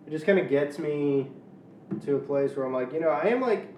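A man's voice: a little high, animated, brisk, darkish tone, reverberant, far from the mic, slight background noise. A man from Louisiana with a Southern accent, co-hosting a podcast in loose casual chat, rambling with lots of fillers and restarts. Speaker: podcast co-host.

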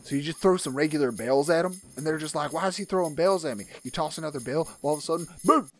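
A man's voice: a little high, quick pace, soft background music, pitched above the performer's own voice, lightly acted. A man playing a boastful, crude weapons inventor. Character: violent male weapons inventor and war veteran. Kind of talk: improvised comedic role-play.

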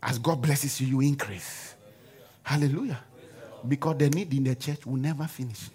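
A man's voice: mid-range voice, moderate pace, darkish tone. A man preaching a sermon in a church, leading the congregation in call-and-response and forced laughter.

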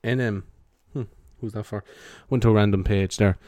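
A man's voice: fairly low pitch, fairly even intonation, moderate pace, no echo. An Irish man rambling casually in a half-whispered ASMR style, talking into a handheld mic as he wanders around his bedroom. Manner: meandering, chatty, swears freely, soft hushed delivery. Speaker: podcaster. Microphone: handheld microphone carried around the room.

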